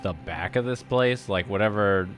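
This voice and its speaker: A man's voice: lowish voice, moderate pace, faint music behind. A man playing in a tabletop game, talking in a casual, laid-back way.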